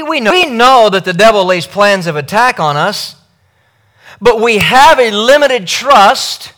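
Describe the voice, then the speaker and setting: A man's voice: very high-pitched, pushed and bright. A man preaching a sermon, emphatic and repeating key phrases as he addresses his listeners directly.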